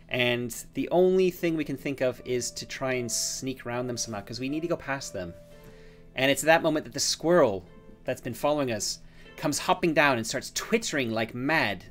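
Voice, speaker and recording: A man's voice: mid-range voice, a bit bright. Man rambling through a solo tabletop game. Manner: rambling, thinks aloud with fillers. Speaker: solo game master and player.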